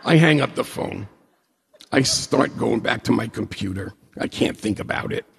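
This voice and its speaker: A man's voice: medium pitch, moderate pace, gravelly, breathy edge. A man in his forties or older, telling a personal story with humor and acting out the dialogue. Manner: animated, self-mocking, acts out dialogue. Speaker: storyteller on stage. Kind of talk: personal story told to an audience. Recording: long hall reverb.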